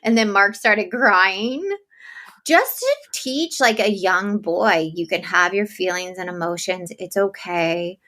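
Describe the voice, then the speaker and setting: Interview guest: a woman with a bright voice, animated storyteller, casual chat. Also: mid-range voice, slow. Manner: animated storytelling, laughs often. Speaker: podcast host as guest.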